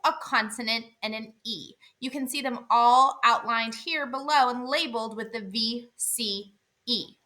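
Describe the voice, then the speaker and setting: Female phonics teacher, higher-pitched and bright, clear and deliberate delivery. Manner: clear, deliberate, sounds out letters. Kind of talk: instructional explanation.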